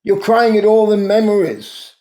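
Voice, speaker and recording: A man voicing a kindly rabbi who gently comforts a survivor in a told story. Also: high voice, moderate pace, close to an everyday voice. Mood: consoling. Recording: roomy echo.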